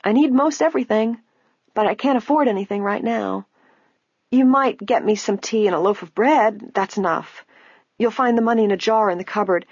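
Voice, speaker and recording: Woman narrator doing a quavering old lady, proud and poor; high, husky, dull dry audiobook sound. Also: moderate pace, darkish tone, no room sound.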